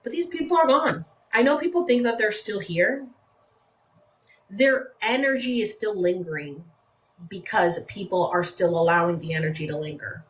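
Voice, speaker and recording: A woman's voice: mid-range voice, moderate pace. A woman from San Diego chatting casually on a phone livestream from home, rambling and leaning on "like" as she talks. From San Diego, California. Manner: rambling, conversational, uses "like" often. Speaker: livestream host. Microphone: phone mic. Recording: echoey room with faint background noise.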